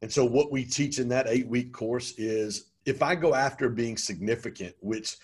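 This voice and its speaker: A man's voice: mid-range voice, normal speed, a little mellow, breathy edge. A man talking as an interview guest about his business coaching, chatty and full of ums. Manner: talkative, frequent ums. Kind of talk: conversational interview.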